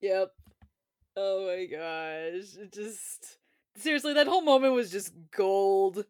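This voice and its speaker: A woman's voice: medium pitch, slow pace, clean tone, no echo, studio quality. A woman co-hosting a casual chat, who chimes in enthusiastically and laughs along while recapping a film scene.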